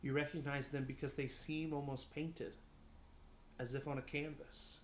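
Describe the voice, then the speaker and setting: A man narrating a tabletop role-playing game as game master, describing scenes in a slow, measured, atmospheric way. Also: mid-range voice, flat delivery, echoey room, a little hiss or hum. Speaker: dungeon master.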